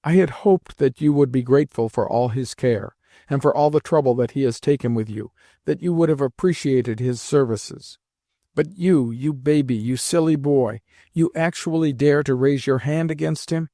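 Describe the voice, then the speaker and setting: A man's voice: mid-range voice, moderate pace, dark tone, no room sound, clean studio sound, close to an everyday voice. A man voicing a proud, stern old grandmother who scolds her grandson with emphatic, imperious words.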